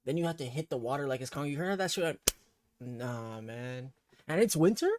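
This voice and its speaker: Laid-back male reaction host, lively intonation, loud noisy recording. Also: medium pitch, normal speed. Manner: laid-back, swears freely, laughs often. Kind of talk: casual reaction commentary. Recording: loud background noise.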